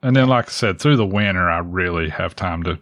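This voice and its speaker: Laid-back man with a very deep voice. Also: a little fast, fairly bright tone, no room sound, muffled recording. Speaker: podcast co-host. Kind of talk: casual chat.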